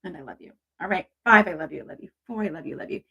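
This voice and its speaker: A woman's voice: lowish voice, lively intonation, rapid-fire, bright, forceful tone. A woman hosting a casual livestream, talking affectionately and chattily to her viewers about intuition. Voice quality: gravelly, husky. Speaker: intuitive reader and livestream host.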